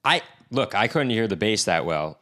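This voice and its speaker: A man with a fairly low voice talks about music in a relaxed, unhurried way. He pauses on fillers and sometimes hums a phrase to make his point. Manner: relaxed, with fillers, hums short bits of melody. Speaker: music reaction host. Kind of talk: casual chat.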